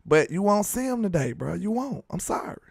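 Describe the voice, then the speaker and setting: A man's voice: high voice, sing-song, fairly quick, vocal fry, slightly rough, no room sound, clean studio sound. A young man hosting a casual sports chat, laid-back, laughing often and using dialect slang. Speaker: sports show host.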